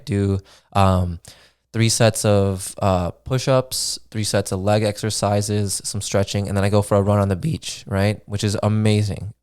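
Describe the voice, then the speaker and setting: A young man talks loosely into his podcast mic, his voice sitting a bit low. He rambles through a story with plenty of "dude", "man" and swearing, relaxed and unhurried. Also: clear, resonant tone. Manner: laid-back, swears freely, many fillers like "dude" and "man". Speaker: podcast host. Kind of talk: casual solo podcast storytelling.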